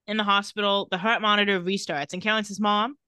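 A young woman recaps a TV episode with a sarcastic, deadpan play-by-play. Her voice is bright and crisp. The sound is dry and close, with no room echo. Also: medium pitch, brisk. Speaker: podcast co-host recapping a TV episode. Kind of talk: casual recap chat.

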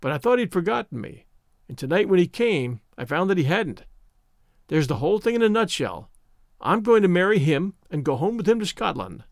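A proud, hot-tempered young woman in a storybook, scolding imperiously with a high, lively voice, as a male reader voices her. It is recorded dry and close. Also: a little fast, no room sound. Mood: scornful. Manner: imperious, scornful.

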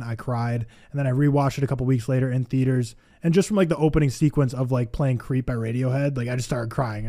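A man's voice: medium pitch, warm tone. A man on a podcast, gushing about a movie in casual chat with many filler words.

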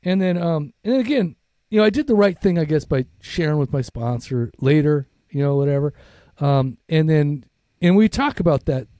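A man's voice: mid-range voice, mellow, no room sound. Candid, rambling middle-aged man, dry sound. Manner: candid, profane, rambling with many fillers. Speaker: podcast co-host. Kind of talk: casual recovery podcast talk.

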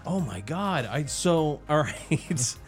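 A man's voice: fairly high pitch, big pitch swings, slow, faint music behind. Profane storytelling man, podcast co-host. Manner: profane, storytelling, laughs often. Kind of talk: casual chat.

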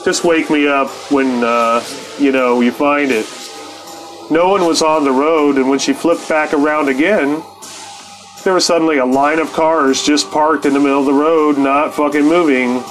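A man's voice: a little high, steady tone, moderate pace, faint music behind, poor audio. A man telling a story as a podcast host, with loose, rambling, heavily profane casual talk and frequent laughs.

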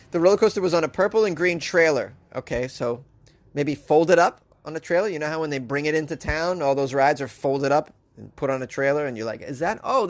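A man hosting comedic news commentary, sarcastic and riffing, often laughing at his own jokes. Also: mid-range voice. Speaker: host.

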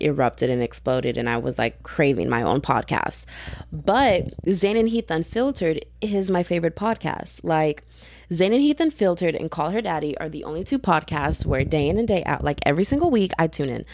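A young woman from Texas hosting her own podcast in casual, rambling, slangy chat that keeps jumping up in pitch when she gets excited. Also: no room sound. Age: young adult. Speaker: podcast host.

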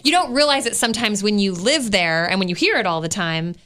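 A woman's voice: medium pitch, animated, a little fast, pushed and bright. A woman from Maryland co-hosting a morning radio show, chatting casually and laughing easily.

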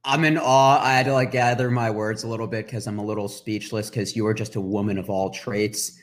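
A man hosting a casual podcast, upbeat and jokey, reading segment intros quickly. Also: on the low side, fairly even intonation. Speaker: podcast host.

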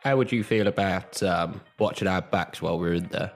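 Low-voiced man playing a tabletop game. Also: normal speed, faint music behind. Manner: hesitant, many ums. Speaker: player. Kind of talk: casual tabletop play.

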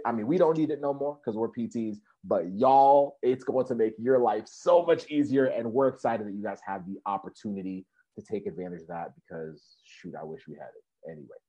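On a muffled, lo-fi recording, a podcast co-host who coaches physical therapy students speaks in a warm, mid-range voice. He chats with listeners in a casual, energetic way, laughing and frequently repeating himself.

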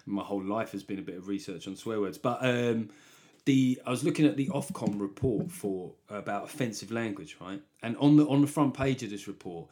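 A man's voice: on the low side, brisk, darkish tone. Rambling man joking solo. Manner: rambling, jokey asides, laughs at own jokes. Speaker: comedy podcast host. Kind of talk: solo comedy podcast monologue.

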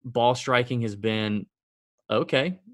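A man with a mid-range voice co-hosts a podcast and chats casually about golf betting picks. He sounds sardonic and conversational, talks his thoughts through out loud and corrects himself as he goes. The recording is dry and close, with no room echo. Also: mid-range voice, slow. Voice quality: conversational, sardonic, thinks aloud with fillers and self-corrections. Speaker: podcast co-host. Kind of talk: casual sports-betting chat.

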